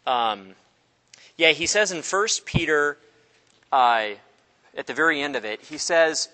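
A man teaching an informal Bible study class, animated and joking, acting out the people in the stories. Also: on the high side, a little slow, pauses often, in a large hall. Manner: animated, jokey, acts out voices of people in the story.

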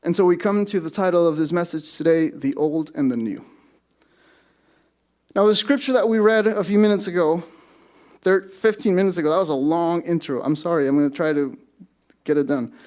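A man's voice: high-pitched, a little mellow. A man preaching a sermon to his congregation, conversational, with self-deprecating asides. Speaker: pastor. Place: church service.

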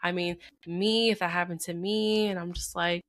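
Chatty mom co-host, thirties, animated storyteller who laughs easily. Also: female voice, fairly low pitch, normal speed. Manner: chatty, laughs often, acts out quotes. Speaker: podcast co-host. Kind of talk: casual chat.

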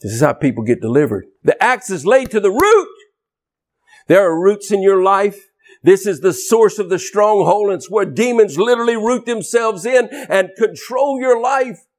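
Fiery high-voiced preacher with a twang. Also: male voice, lively intonation, normal speed. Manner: forceful, preaching with shouted bursts and emphatic repetition. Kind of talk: fiery deliverance sermon.

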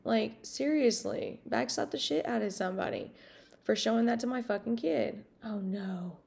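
A woman's voice: on the high side, moderate pace, creaky, darkish tone. A woman hosting her podcast in a casual monologue, rambling and outspoken, swearing freely. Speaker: podcast host.

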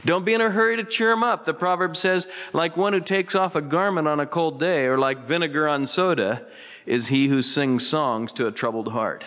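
A man preaching a radio sermon as pastor, earnest, swinging between emphatic lines and hushed, tender ones. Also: a little high, normal speed, big-room sound. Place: church sanctuary.

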